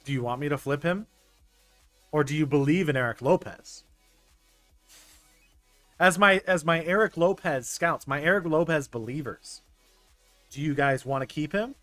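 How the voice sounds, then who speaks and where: Excitable man streaming a baseball game. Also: fairly high pitch, moderate pace, pauses often, no room sound. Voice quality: excitable, stumbling restarts, laughs often. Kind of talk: casual gameplay commentary talking to chat. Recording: dry close mic with faint game music.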